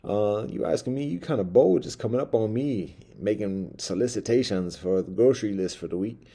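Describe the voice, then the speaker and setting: A man voicing an indignant man writing a grocery list, who talks loud, slangy and disbelieving. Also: on the low side, fairly quick, voice pushed up.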